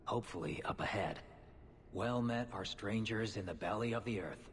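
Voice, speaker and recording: An actor playing a blunt, stubborn male dwarf warrior with a gruff manner, in a video game. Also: lowish voice, normal speed, a little hiss or hum, natural voice. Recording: game audio with long reverb.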